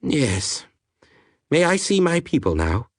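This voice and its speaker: A male narrator voicing a calm, patient alien woman with an accent that is almost French, in an audiobook. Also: sits low, slow, dry recording, studio quality, voice pushed up, full character voice. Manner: soft, patient, diplomatic.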